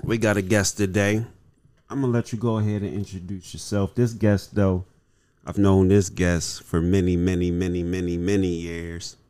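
A man's voice: deep voice, little pitch movement, normal speed, mellow, clear, resonant tone. A man, hosting a podcast. He talks in a loose, slangy way, swears freely and laughs easily, like chatting with friends. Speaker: podcast host. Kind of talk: casual podcast chat.

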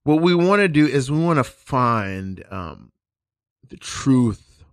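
A man playing a pompous, solemn male acting teacher who speaks in slow, grandiose pronouncements. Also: mid-range voice, big pitch swings, clean tone, dry recording, studio quality. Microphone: studio microphone.

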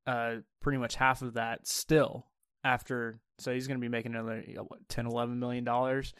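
A man's voice: mid-range voice, level tone, a little fast, a bit bright, clean tone, dry recording. A young man hosting a casual sports talk show, laid-back and often laughing, with a dry close sound. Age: young adult. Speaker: podcast host.

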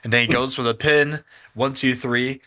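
A man's voice: medium pitch, fairly even intonation, moderate pace, sharp tone. A man co-hosting a podcast, recapping events in casual chat, swearing and using slang. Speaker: podcast co-host.

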